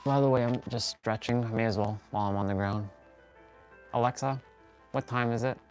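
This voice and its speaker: A man's voice: medium pitch, steady tone, brisk, a little mellow, faint music behind. A man hosting a fitness and motivation livestream, giving an earnest, rambling pep talk while he stretches, often correcting himself mid-sentence.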